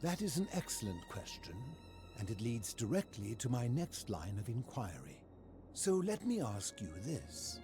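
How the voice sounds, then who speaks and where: A man voicing a lonely, aging philosopher hermit in a video game, speaking in a formal, measured and questioning way over game music. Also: medium pitch, wildly swooping pitch. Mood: probing. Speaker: game character. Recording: game audio with soundtrack music.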